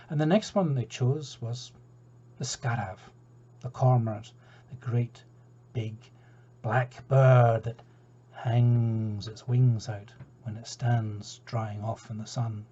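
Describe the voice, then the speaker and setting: A man's voice: mid-range voice, steady tone, slow, mellow, breathy edge. A Scottish man telling a folk tale aloud in a chatty way, with asides to his listeners. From Scotland. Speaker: storyteller. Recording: dull lo-fi recording.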